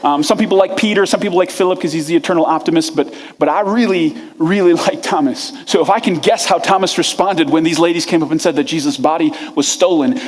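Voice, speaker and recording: A man giving a sermon as pastor, telling a story in an animated, conversational way. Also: on the high side, big-room sound. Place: church sanctuary.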